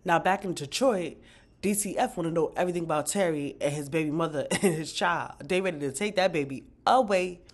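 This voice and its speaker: Slangy, animated woman recapping TV. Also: on the low side, brisk. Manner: animated, slangy and profane, with outbursts of disbelief. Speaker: TV recap vlogger. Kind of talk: casual recap commentary.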